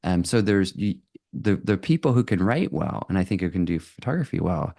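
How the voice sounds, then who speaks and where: Male presenter with a low voice and dry, close sound, loose and chatty, slipping in fillers and little laughs. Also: a little fast, vocal fry, no echo. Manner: animated and conversational, with frequent fillers and laughs. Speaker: photographer giving a talk. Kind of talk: live presentation to an audience.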